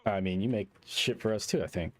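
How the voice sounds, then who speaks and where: A man's voice: lowish voice, brisk. A man from the United States giving short, laid-back replies in casual gaming chat with a streamer.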